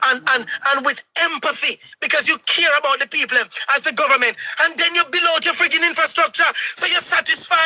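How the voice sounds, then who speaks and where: A man's voice: extremely high pitch, bright, forceful tone, dry recording, rough recording. A man with a Jamaican accent giving impassioned political commentary as a stream host, switching between patois and standard English. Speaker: host of a live talk stream.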